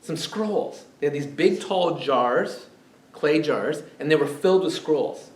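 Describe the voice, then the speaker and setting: In an echoey church hall recorded from a far-off mic, a pastor delivers a conversational sermon, asking his congregation question after question. He speaks slowly in an expressive, slightly high voice.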